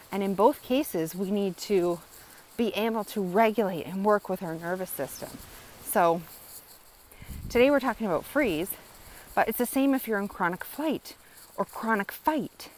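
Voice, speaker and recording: A woman's voice: medium pitch, a little hiss or hum, poor audio. A woman educator explaining in a casual, earnest teaching monologue, often repeating phrases and checking in with "right?". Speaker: wellness educator.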